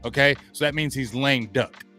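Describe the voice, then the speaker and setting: A man's voice: medium pitch, normal speed, sharp tone, soft background music. A man hosting a sports talk show, giving blunt, slangy opinions and repeating points for emphasis.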